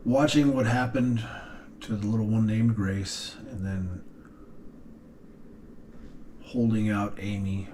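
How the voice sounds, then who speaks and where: A middle-aged man speaking earnestly and haltingly to his daughters in a personal video message, pausing often and sighing. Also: on the low side, steady tone, mellow, a little hiss or hum. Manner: earnest, halting, with long pauses and sighs. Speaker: father addressing his daughters.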